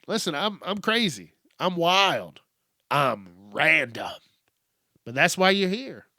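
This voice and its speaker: A man's voice: fairly high pitch, sing-song, slow, bright, forceful tone, no room sound, clean studio sound. A man hosting his own podcast, rambling casually and profanely, amused at himself. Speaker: podcast host. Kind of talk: casual solo rant.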